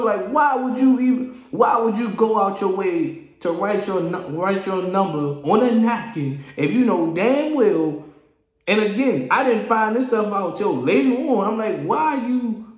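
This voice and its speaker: A man with a high voice rants on a casual solo podcast in an animated, exasperated way. He stumbles, repeats himself and restarts his phrases. His voice echoes around a roomy space. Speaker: podcast host.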